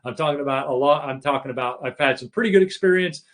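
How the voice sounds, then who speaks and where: A man's voice: a little high, quick pace, fairly bright tone. Conversational man giving a leadership masterclass. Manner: conversational, many restarts, acts out quoted dialogue. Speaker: keynote speaker on leadership. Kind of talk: live masterclass talk.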